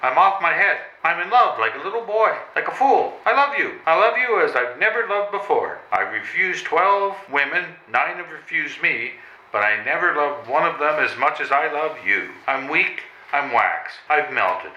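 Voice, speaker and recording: A flustered man pleads and stammers through a comic stage reading, his voice very bright and lively in pitch. The recording carries the echo of a roomy hall with a live audience. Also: normal speed, lo-fi sound. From Canada. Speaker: reader in a readers' theatre comedy. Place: old train station hall with a live audience.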